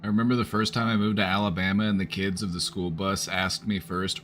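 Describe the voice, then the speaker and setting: A man's voice: sits low, steady tone, a little fast, hardly any pauses, a bit bright, soft background music. A man chatting casually on a live stream, rambling with lots of fillers. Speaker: streamer offering support.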